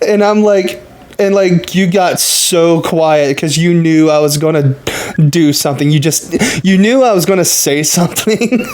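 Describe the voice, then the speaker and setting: A man hosting a podcast, telling a story in a casual, animated way and laughing often. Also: on the high side, a little slow. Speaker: podcast host. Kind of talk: casual chat.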